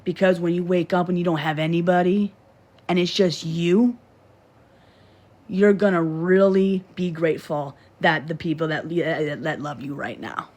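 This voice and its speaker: A woman's voice: on the low side, fairly even intonation, unhurried, darkish tone. A woman on a phone livestream from her bed, lecturing and scolding in a preachy, repetitive way. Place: bedroom, in bed.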